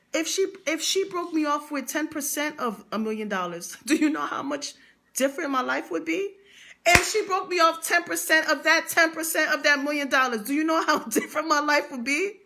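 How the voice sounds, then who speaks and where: A woman's voice: sits high, bright, forceful tone. A young adult woman speaking, telling a motivational story with emphatic repetition and slang. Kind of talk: motivational vlog monologue.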